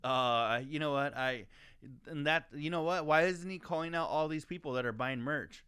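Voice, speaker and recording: A man co-hosting a podcast, telling a story in profane, animated casual chat. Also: fairly high pitch, normal speed, smooth. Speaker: podcast co-host.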